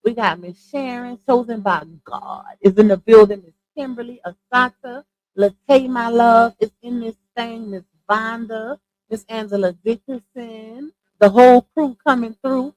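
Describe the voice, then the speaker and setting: A woman's voice: a little high, measured pace, a little mellow, no echo, poor audio. A woman hosting a casual livestream, chatty and slangy, greeting viewers one by one and laughing easily. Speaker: livestream host.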